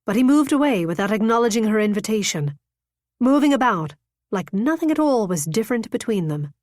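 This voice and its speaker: A woman reading a romance novel aloud in an intimate, measured scripted narration. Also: fairly high pitch, very animated, darkish tone, no room sound, clean studio sound. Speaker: audiobook narrator.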